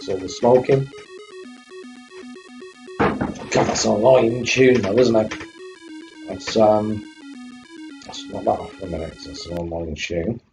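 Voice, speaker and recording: A man live-streams retro computer games, chatting with viewers, greeting them by name and fighting off a coughing fit. His voice is fairly low and darkish, slow with frequent pauses, over soft background music. The stream audio is dull and lo-fi with a faint hum.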